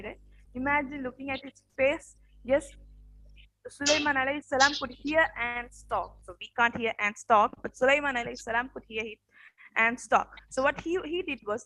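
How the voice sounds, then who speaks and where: High-voiced woman teacher with a rough morning voice. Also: bright, forceful tone, dry recording, low-quality recording. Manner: peppers speech with "okay" and quiz questions. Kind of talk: casual classroom storytelling.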